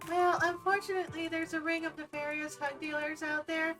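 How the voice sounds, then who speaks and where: A voice doing a high, sly monster girl. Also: flat delivery, a little fast. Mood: deadpan. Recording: distant mic with game music.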